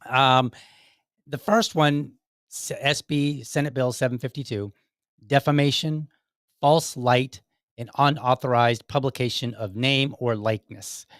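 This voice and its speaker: A man's voice: mid-range voice, steady tone, measured pace, fairly bright tone, dry recording, studio quality. Joking, rambling podcast host, a man. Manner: joking, rambling, with self-mocking asides. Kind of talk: casual political podcast talk.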